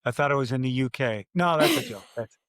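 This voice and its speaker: An older man, a race announcer, telling stories in a podcast interview, animated and acting out his own quotes. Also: medium pitch, fast, no room sound, studio quality.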